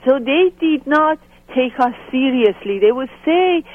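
An older woman from Iran with a Persian accent, telling personal stories as an interview guest in a halting, animated way. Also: fairly high pitch. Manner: animated, halting, acts out quoted voices. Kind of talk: personal storytelling. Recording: tinny phone line.

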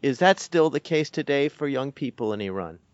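A man interviewing a guest, asking measured, attentive questions. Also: medium pitch, lively intonation, no room sound. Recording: dry, dull lo-fi recording.

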